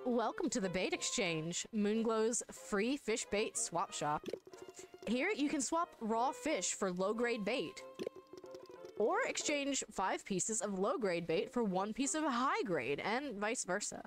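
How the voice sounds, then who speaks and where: A woman voicing a friendly bait-swap keeper, speaking in her own voice but lower and more carefully enunciated. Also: lively intonation, slow pace, faint music behind. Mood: helpful.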